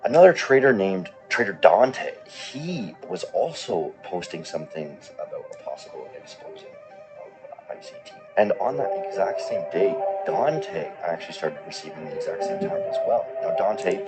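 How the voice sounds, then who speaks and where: A very low-voiced man delivering indignant commentary narration. Clear music plays under his voice throughout. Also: big pitch swings, unhurried, low-quality recording. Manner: indignant, emphatic, profane. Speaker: commentary youtuber.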